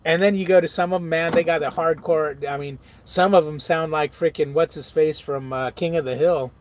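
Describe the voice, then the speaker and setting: A man's voice: on the high side, fairly even intonation, moderate pace, slight background noise. A truck-driving man in casual live-stream chat, laid-back, laughing often and reading viewer comments aloud. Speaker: truck driver vlogger.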